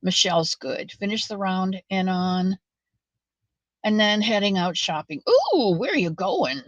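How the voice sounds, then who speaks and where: A woman chats to her viewers while she knits, telling folksy stories that wander from one thing to the next. Now and then she drops into a soft mutter as she works. The recording is dry and slightly muffled. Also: medium pitch, big pitch swings, a little slow, no echo. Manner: rambling, folksy storytelling with soft muttered asides. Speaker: knitting channel host. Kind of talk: chatty knit-along monologue. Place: at home, knitting.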